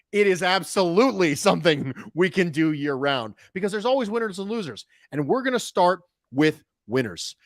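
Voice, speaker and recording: A man hosts a casual sports podcast with a lively, slightly high voice that swings up and down. He talks in an animated way with quick jokey asides. The sound is close and dry. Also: no room sound. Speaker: show host.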